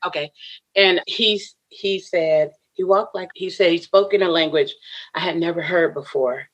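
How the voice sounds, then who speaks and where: Low-pitched woman guest, earnest storyteller who laughs often, muffled lo-fi audio. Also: normal speed. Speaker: podcast guest. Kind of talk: personal storytelling.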